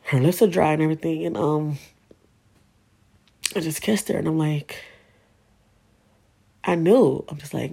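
Gravelly, candid storyteller who swears freely. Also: mid-range voice, a little slow, long pauses, warm tone. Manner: candid, heavy swearing, emotional. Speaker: podcast host telling a personal story. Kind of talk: casual personal storytelling.

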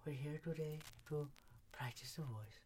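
Excitable voice-workshop guru, loud and chanting, put on by a man. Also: a little high, unhurried. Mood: instructive. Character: excitable male voice workshop teacher.

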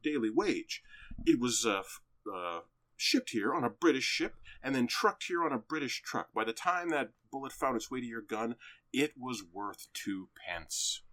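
A man's voice: medium pitch, animated, unhurried, a bit bright. A man recounting a film, voicing a stern British colonial officer who lectures a subordinate in a cold, matter-of-fact way. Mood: lecturing.

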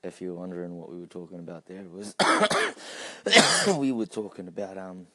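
A man's voice: sits low, animated, normal speed, sharp tone, husky. A man hosting a podcast, rambling casually and chuckling as he mixes in Tagalog phrases. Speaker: podcast host. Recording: music playing under the voice.

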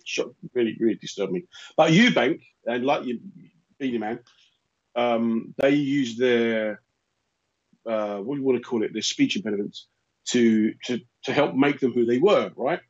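A London man in his fifties tells stories with animated energy. His voice has a husky edge, and the sound is slightly dull and lo-fi. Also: mid-range voice, normal speed. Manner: animated storyteller who slips into put-on voices. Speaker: radio host. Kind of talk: casual chat. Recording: muffled lo-fi sound.

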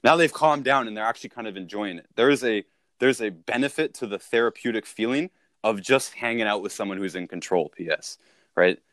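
A man's voice: lowish voice, fairly quick, a bit bright, no echo. A man coaching salespeople in a casual conversation, punchy and emphatic, often checking in with "right?".

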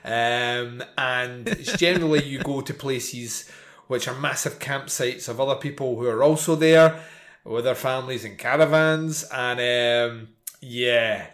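A man's voice: medium pitch, unhurried, a bit bright. A man with a Scottish accent chatting casually as a podcast host, rambling with many fillers and restarts. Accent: Scottish, central belt near Glasgow and Edinburgh. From Scotland. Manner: rambling, lots of fillers and restarts, laughs easily. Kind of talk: casual chat.

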